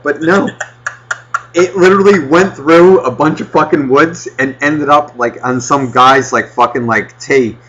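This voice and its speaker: A male podcast host telling a profane, ranting story in casual chat with a husky voice. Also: fairly high pitch, unhurried, a bit bright, lo-fi sound.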